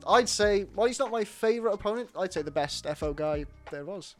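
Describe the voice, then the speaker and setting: A man's voice: high voice, lively intonation, a little fast, over loud music. A man co-hosting a podcast, rambling and self-deprecating in casual chat. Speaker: podcast co-host.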